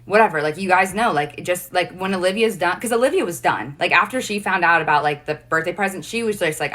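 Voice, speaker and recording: Low, forceful young woman rambling. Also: quick pace, hardly any pauses. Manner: rambling, constant fillers and restarts; emotional, earnest. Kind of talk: casual storytelling chat.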